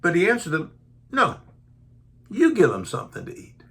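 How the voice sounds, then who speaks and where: A man's voice: fairly high pitch, moderate pace, gravelly. A man preaching a Bible teaching sermon, reading verses aloud and then retelling them in folksy everyday speech, acting out the disciples' voices. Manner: animated, acts out the disciples' voices.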